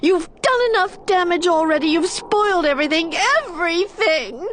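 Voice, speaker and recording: A woman's voice: sits high, expressive, takes it slowly, slight background noise, pitched above the performer's own voice. Woman doing a feisty, stubborn little girl. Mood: defiant. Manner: indignant, scolding.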